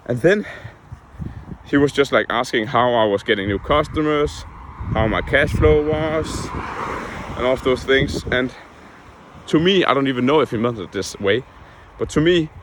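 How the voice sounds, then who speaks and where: A man's voice: mid-range voice, normal speed, a little hiss or hum. Young man venting in a casual vlog. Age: young adult. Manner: frank, heated, swears often. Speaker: vlogger.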